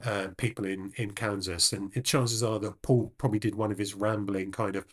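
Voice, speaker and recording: A man's voice: lowish voice, fairly even intonation, normal speed, hardly any pauses, breathy edge. A man co-hosting a music podcast, talking in a rambling, hesitant way with many restarts. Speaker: podcast co-host. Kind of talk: casual podcast chat.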